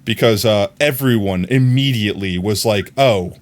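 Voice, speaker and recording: A man's voice: mid-range voice, animated, normal speed. Rambling man with a mild New York accent. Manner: rambling, repeats words, laughs often. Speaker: streamer. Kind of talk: casual chat while gaming.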